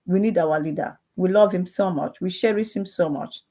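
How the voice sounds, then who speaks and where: Nigerian woman pleading hard, lowish voice, kinda preachy prayer vibe. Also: normal speed, warm tone. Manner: pleading, fervent, rhetorical questions. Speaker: activist. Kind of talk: impassioned appeal and prayer.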